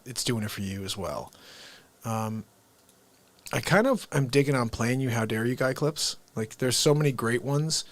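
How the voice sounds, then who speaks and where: A man hosting a comedy livestream, chatting casually and rambling in a low-key, soft-spoken way.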